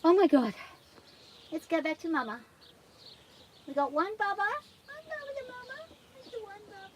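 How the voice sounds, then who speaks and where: A woman vlogging casually on a farm, gushing excitedly and using baby talk with her animals. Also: very high voice, moderate pace, slight background noise. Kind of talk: casual vlog, talking to animals and viewers.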